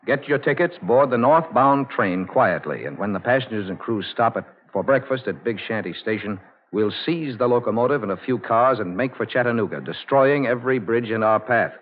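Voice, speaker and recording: An actor playing a calm, authoritative male leader of a raid party, speaking in measured tones in an old radio drama. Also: medium pitch, natural voice. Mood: firm. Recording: dull old radio recording with noise.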